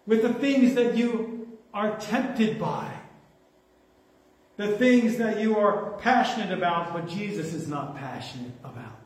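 A man preaching to his congregation with a high voice, talking in a lively, conversational way and joking along the way. He sounds picked up from across a big echoing hall, some distance from the mic. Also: unhurried. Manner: animated, conversational, jokes with the congregation. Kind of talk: sermon. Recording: echoey hall, mic from far off.

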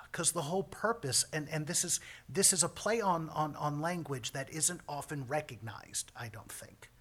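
A man teaching a Bible passage with commentary, earnest and emphatic, often sinking to a hushed, breathy near-whisper. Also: on the high side, moderate pace, few pauses.

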